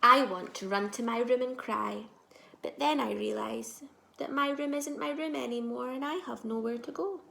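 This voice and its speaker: A woman teacher reading a children's storybook aloud, expressive, moving between soft asides and loud moments. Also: fairly high pitch, moderate pace, creaky, echoey room.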